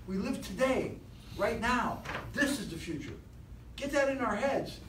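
A man leading a live motivational sales seminar, animated and rousing, constantly quizzing his audience, recorded from a distance in an echoey training room. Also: extremely high pitch, measured pace. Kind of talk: live seminar talk to a class. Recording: echoey room, distant mic, faint hiss.

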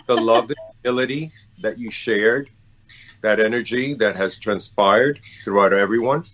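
A man's voice: fairly low pitch, normal speed, a bit bright. A man hosting a casual podcast, praising his guest effusively and repeating words as he goes. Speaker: podcast host. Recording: dull lo-fi call audio.

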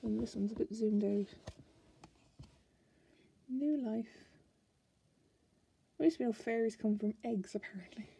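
A woman's voice: fairly high pitch, slow pace, gravelly, pauses often, warm tone, slightly rough. An Irish woman chatting casually as she flips through a card deck, musing aloud and restarting her sentences. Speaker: tarot card reviewer.

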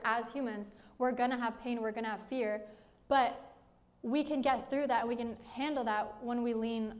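A young woman giving a casual youth sermon at a student ministry, chatty and self-deprecating, filling her talk with "like" and "right?". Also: on the high side. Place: church youth room.

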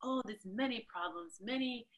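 A woman's voice: on the high side, normal speed, fairly bright tone, voice pushed up, lightly acted. A woman voicing a pushy, brusque middle-aged white South African man with an Afrikaans accent. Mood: dismissive. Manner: brusque, hurrying.

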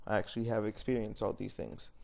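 Talking fast in a lowish voice with little pitch movement, vocal fry, and a slightly mellow quality, a young vlogger rants casually at the camera. He's blunt and rambling, peppered with fillers and self-corrections.

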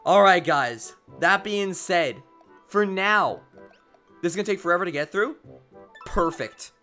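Sarcastic male gaming streamer, mid-pitched, very animated swings, game music faint behind. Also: a little slow. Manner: mocking, sarcastic, laughs a lot. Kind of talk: let's play commentary.

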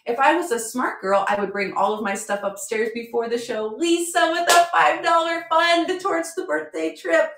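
A woman selling at a live-stream auction, bubbly and excitable, often apologizing and thanking her viewers. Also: sits high, normal speed, gravelly, hardly any pauses, noisy background. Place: home room with a chalkboard. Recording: echoey room.

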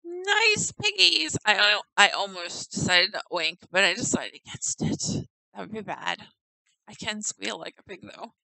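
A woman's voice: mid-range voice, moderate pace, creaky, bright, forceful tone, dry recording, rough recording. A woman giving casual commentary on a game house tour, chatty and giggly, stumbling over names.

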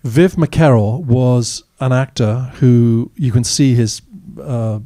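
A man's voice: medium pitch, slow pace, mellow, no echo, clean studio sound. A man, an actor as guest, telling candid, wry anecdotes in a live audience Q&A at a cinema. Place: cinema stage after a screening.

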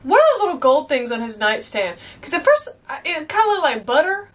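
Lively high-voiced young woman reacting. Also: fairly quick. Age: 20s. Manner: animated, exclamatory, chatty. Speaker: reaction video host. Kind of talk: casual movie reaction commentary.

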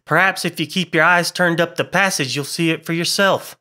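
A man's voice: fairly high pitch, a little fast, bright, forceful tone, pitched above the performer's own voice. A man doing a jittery young waiter. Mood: uneasy. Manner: drops his h's, says ain't, jittery. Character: frightened young male waiter, timid and common-spoken.

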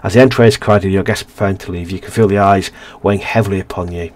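Low-voiced man reading a game story. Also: steady tone, fast, a little mellow. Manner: reads the story aloud with restarts and asides. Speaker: let's play host. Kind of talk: reading a narrative game aloud.

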